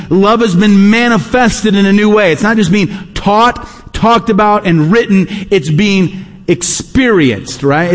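A pastor preaching in a large church sanctuary. He is a man with a notably high voice, and he drives each point home by repeating it, sinking low at the close of his phrases. A long reverb from the hall trails behind every word. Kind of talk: sermon.

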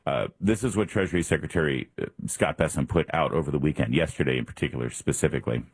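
Deep husky talk radio host. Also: male voice, fast talker, no echo. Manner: casual, rambling with fillers and restarts. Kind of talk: morning talk radio monologue. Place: radio studio.

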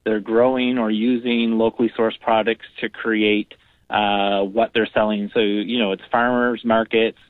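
A man's voice: lowish voice, flat delivery, a little slow, dry recording. A man, a guest on a radio interview, explaining things in an upbeat way with many fillers. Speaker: guest from a regional tourism program. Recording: phone line.

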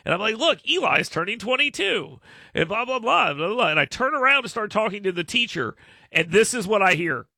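A man in his thirties hosts a loose, chatty talk show in a rambling, self-mocking way. His slightly high voice has a gritty, fried edge and a very bright, sharp tone. The sound is close and dry. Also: expressive, quick pace, no echo. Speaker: radio show host. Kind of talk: casual chat with co-hosts.

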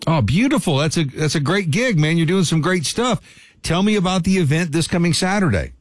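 A male radio host talks in a friendly, upbeat manner with a guest on the line. His voice sits high for a man. The studio sound is dry and close. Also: lively intonation, brisk, dry recording. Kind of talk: casual radio interview.

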